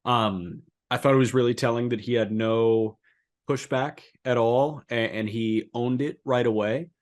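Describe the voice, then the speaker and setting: A man co-hosting a casual sports podcast, talking in an animated, incredulous way and jumping to high, emphatic pitch when he makes a point. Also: unhurried. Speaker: co-host.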